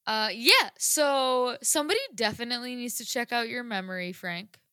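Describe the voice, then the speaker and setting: A woman's voice: a little high, expressive, moderate pace, pushed and bright, clear, resonant tone, no room sound. A woman chatting casually on a podcast, giggly and full of fillers. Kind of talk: casual chat.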